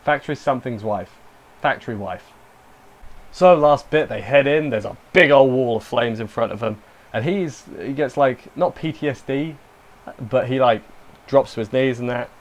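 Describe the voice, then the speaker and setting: A man's voice: mid-range voice, moderate pace. A young man casually recapping and reviewing an anime episode, rambling with self-deprecating asides and lots of fillers.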